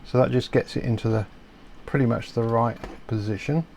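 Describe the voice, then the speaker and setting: A middle-aged man explaining a radio repair step by step in a relaxed, chatty way. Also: medium pitch, normal speed, noisy background. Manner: relaxed, chatty, self-deprecating asides.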